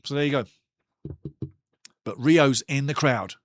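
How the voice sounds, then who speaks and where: A man's voice: medium pitch, unhurried, no room sound. A man hosting a live football watchalong, talking passionately and ranting about refereeing calls in a chatty way. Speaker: watchalong host.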